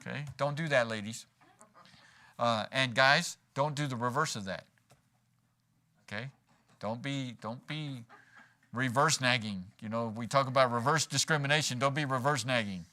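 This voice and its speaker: A man's voice: medium pitch, normal speed, pauses often, pushed and bright. A man preaching a sermon in a church, folksy and joking, acting out quoted lines as he goes. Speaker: pastor. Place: church sanctuary.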